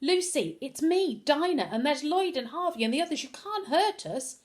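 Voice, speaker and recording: A woman's voice: expressive, fast talker, close to an everyday voice. Woman doing a defiant schoolgirl. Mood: pleading. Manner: defiant and pleading, raised high.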